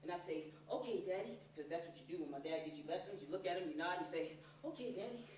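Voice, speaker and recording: A man performing a one-man stage monologue, animated, swinging from hushed to shouting, recorded from far off on a stage. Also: on the high side, very fast. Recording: far-off echoey stage recording, faint noise.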